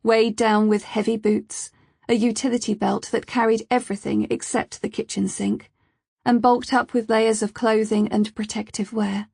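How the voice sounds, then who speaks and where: Husky-voiced woman narrating a thriller. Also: fairly high pitch, no room sound, studio quality. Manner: steady, measured storytelling. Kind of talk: scripted crime-thriller narration.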